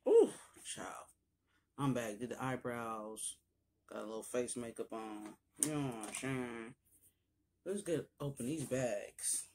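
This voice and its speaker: A young woman filming a casual makeup haul, talking straight to her viewers with loose slang and cursing, and breaking into sudden high exclamations. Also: measured pace, darkish tone, a little hiss or hum. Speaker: beauty vlogger.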